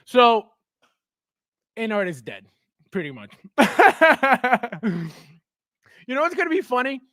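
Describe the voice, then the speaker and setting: A man hosting a casual livestream, reading viewer comments and talking straight to his chat, excitable and quick to laugh. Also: extremely high pitch, no echo, clean studio sound. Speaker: livestream host and toy collector.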